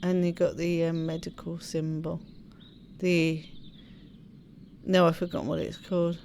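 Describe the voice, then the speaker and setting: A woman's voice: fairly low pitch, little pitch movement, measured pace, creaky, darkish tone, slight background noise. A woman hosting a let's play, chatting casually and giggling as she plays. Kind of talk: casual gaming commentary.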